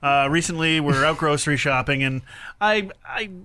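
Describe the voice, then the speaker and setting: A man in his forties with a bright, crisp, slightly high voice. He tells animated, self-mocking stories as a podcast co-host. The talk is casual and playful. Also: moderate pace. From Canada. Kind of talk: casual chat.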